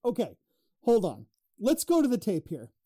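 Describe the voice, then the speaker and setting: A man's voice: sits high, wildly swooping pitch, normal speed, warm tone, breathy edge, dry recording. A man co-hosting a podcast in casual, profane banter, arguing and laughing, close on the mic. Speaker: podcast co-host.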